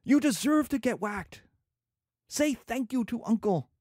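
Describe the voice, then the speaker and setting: A man's voice: very high-pitched, expressive, a little slow, darkish tone, no room sound, studio quality, voice pushed up, full character voice. A man playing an exasperated father who scolds his brother in an acted quote. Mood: scolding.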